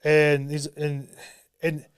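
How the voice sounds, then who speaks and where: A man's voice: on the high side, completely flat delivery, slow pace, smooth. A man chatting on a podcast, telling a long anecdote and acting out what people said to him in different voices. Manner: storyteller acting out quoted dialogue. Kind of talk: casual podcast chat. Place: podcast studio.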